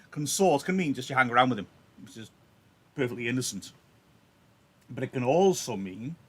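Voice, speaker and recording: A man teaching a play live into a laptop microphone, chatting casually and apologising along the way. His throat is a little husky and sore, and his pitch sits at an ordinary middle. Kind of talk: livestreamed reading lesson with analysis.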